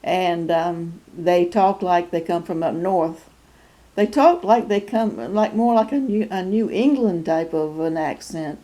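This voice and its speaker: Woman, 60s, North Carolina Southern accent, slow and unhurried, warm mellow voice, halting with fillers. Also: lowish voice. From North Carolina, USA. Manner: unhurried, halting with many fillers, chuckles often. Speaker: YouTube channel host. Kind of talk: casual personal vlog.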